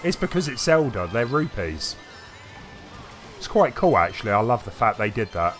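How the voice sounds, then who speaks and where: A man's voice: mid-range voice, sing-song, moderate pace, a bit bright. A man talks through a live game stream, his voice rising and falling a lot as he rambles and stops to answer chat. His talk is loose and full of hesitations, with faint game music playing underneath. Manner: chatty and rambling, with frequent hesitations. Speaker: gaming streamer. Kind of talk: casual live-stream commentary reading chat.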